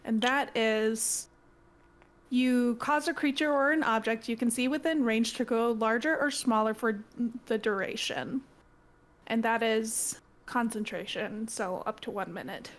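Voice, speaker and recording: A woman's voice: fairly high pitch, a little slow. A woman playing a tabletop game, chatty and reading spell rules aloud. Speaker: player.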